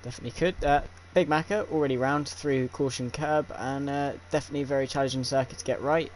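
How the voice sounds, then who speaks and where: A young man commentating a sim racing league stream, with many fillers and pauses. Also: medium pitch, fairly even intonation, slight background noise. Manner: filler-heavy, hesitant play-by-play. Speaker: lead commentator.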